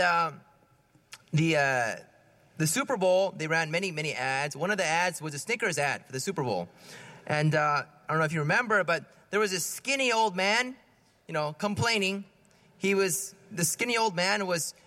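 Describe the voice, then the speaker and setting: With a fairly high, pushed and bright voice, this preacher talks through a homily conversationally. He poses questions to the congregation and keeps repeating his words.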